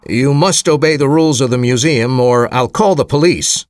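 A man's voice: mid-range voice, normal speed, no echo, studio quality, lightly acted. A man doing a polite, stern museum guard. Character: worried, rule-bound male museum guard. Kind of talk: audiobook character voice.

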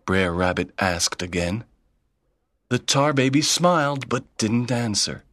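A man's voice: mid-range voice, lively intonation, measured pace, a bit bright, dry recording. A man reading a children's story aloud in plain, simple sentences. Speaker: narrator. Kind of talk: slow read-aloud storytelling.

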